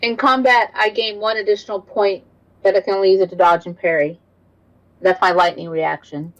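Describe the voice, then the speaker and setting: A woman's voice: medium pitch, fairly even intonation, a little fast, dull audio. A woman playing a tabletop game, asking rule questions in a stumbling, casual way. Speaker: player.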